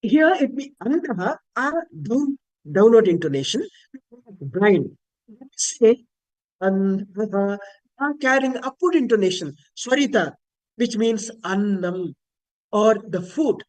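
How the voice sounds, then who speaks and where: A man speaks at a slow, deliberate pace, teaching in an online spiritual lecture. He explains patiently and chants Sanskrit words aloud to demonstrate rising and falling intonation, as heard over a video call. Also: high voice, big pitch swings, rough recording. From India.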